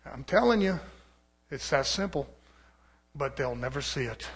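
A man preaching a fervent sermon, swinging from loud, rising shouts to low, quiet stretches. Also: moderate pace.

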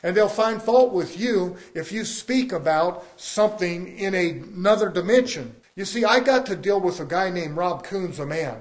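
A man's voice: sits high, expressive, normal speed, few pauses. A man preaching a sermon to his church, building emphasis with rhetorical questions. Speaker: pastor.

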